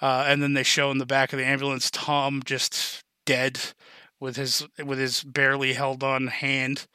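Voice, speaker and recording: Bright-toned man recapping a movie. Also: mid-range voice, completely flat delivery, moderate pace, smooth, dry recording. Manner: enthusiastic, rambling retelling with fillers and swearing. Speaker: podcast host. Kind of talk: casual movie recap chat.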